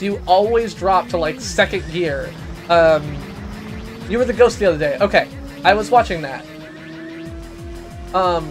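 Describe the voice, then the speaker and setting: A man hosting a live game stream, chatting casually and ranting loudly in rambling asides. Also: high voice.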